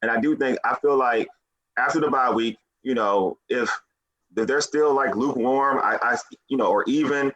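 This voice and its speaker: A man's voice: medium pitch, moderate pace, fairly bright tone, highs cut off. A man guesting on a casual sports podcast, talking in a passionate, emphatic rant.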